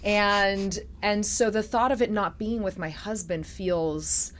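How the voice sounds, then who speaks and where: A woman hosting an intimate interview podcast, talking in a reflective, soft-spoken way that turns emotional at times. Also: mid-range voice, fairly even intonation, takes it slowly. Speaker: podcast host.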